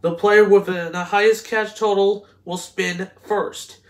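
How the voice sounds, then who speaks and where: High-voiced man stumbling through instructions. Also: fairly even intonation. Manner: halting, stumbling over words with frequent restarts. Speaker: host. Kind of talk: reading game instructions aloud.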